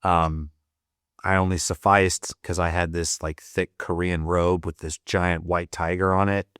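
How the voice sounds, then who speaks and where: Veteran podcast guest, male, deep voice, salty and loose, dry studio sound. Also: little pitch movement, a little slow, fairly bright tone, clean tone, no echo. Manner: profane, rambling, full of "like" fillers. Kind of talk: casual storytelling.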